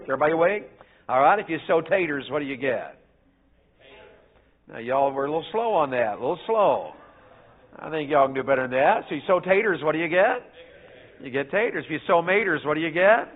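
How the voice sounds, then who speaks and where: A middle-aged man with a Southern US accent preaching a revival sermon in a church, folksy and calling out to his congregation, preaching in bursts. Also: on the high side. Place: church sanctuary. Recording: phone-like narrow band.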